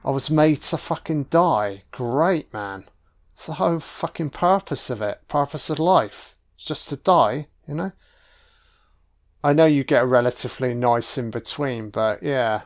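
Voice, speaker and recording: A man giving a casual, sweary audio commentary on a film, reacting out loud to what he sees. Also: mid-range voice, unhurried. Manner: sweary, exclaiming reactions at the screen.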